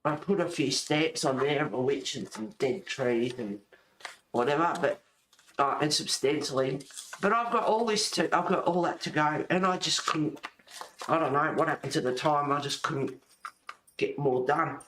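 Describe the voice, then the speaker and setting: Speaking at a moderate pace, this woman has a deep, somewhat bright voice, and a little hiss or hum is audible. The echoey room suits her casual craft vlog, where she shows her colouring and junk-journal work, rambling and laughing a lot.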